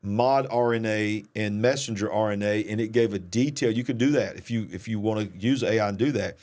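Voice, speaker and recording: A man's voice: fairly low pitch, fairly quick, a little mellow. Rambling man hosting a talk show. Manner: rambling, restarts sentences, emphatic. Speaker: podcast host. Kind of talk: casual conversational commentary.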